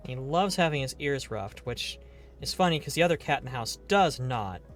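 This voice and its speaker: A man's voice: medium pitch, expressive, moderate pace, soft background music. A man streaming a game live, chatting casually in a rambling, playful way and swearing now and then.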